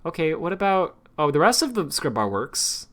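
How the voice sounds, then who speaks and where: A man's voice: on the high side, sing-song, normal speed, fairly bright tone. A man streaming, chatting casually and rambling with lots of fillers and restarts.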